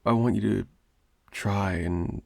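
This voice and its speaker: A man's voice: on the low side, fairly even intonation, slow, creaky, dry recording, studio quality, heavily acted. A young man voicing a clingy, obsessive male roommate in an improvised audio roleplay, rambling and stammering with nervous laughs. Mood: fond, coaxing.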